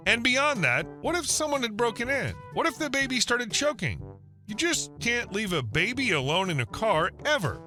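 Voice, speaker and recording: A man narrates scripted stories in a high, very bright voice. His read is smooth and even, with no fillers, and faint music plays underneath. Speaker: story narrator.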